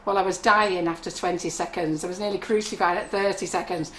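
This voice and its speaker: Slight background noise surrounds a lowish, fairly bright, fairly quick voice with mostly even intonation. It's a middle-aged woman who owns a baking shop, chatting and spinning stories as she demonstrates baking products on a live stream in the shop kitchen.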